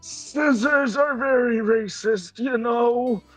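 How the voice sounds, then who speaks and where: Slow, high-voiced teasing man. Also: soft background music. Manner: teasing, jokey. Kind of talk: casual joking chat.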